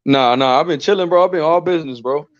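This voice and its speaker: Man co-host, relaxed slang-heavy banter, slightly muffled call audio. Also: a little high, fast talker, dry recording. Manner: loose slangy banter, jokey impressions. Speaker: boxing show co-host. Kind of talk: casual chat.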